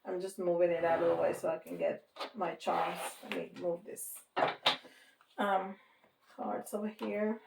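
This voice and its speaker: Unhurried woman reading tarot, roomy sound. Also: lowish voice, little pitch movement, creaky, very noisy. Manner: slow, reassuring, laughs often. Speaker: tarot reader. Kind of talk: casual tarot reading to camera. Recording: roomy, from a distance.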